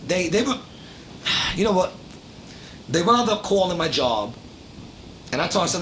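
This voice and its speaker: Man, casual storytelling, profane, animated, slightly high voice, noisy low rumble behind. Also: moderate pace, pauses often. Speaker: podcast host telling a story.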